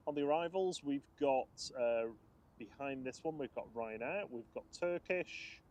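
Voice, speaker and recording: A man's voice: mid-range voice, a little slow, dull audio. A man co-hosting a live plane spotting stream outdoors by a runway, casually reading out flights and chat messages. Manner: relaxed, reads out flight details and chat messages. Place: outdoors beside an airport runway.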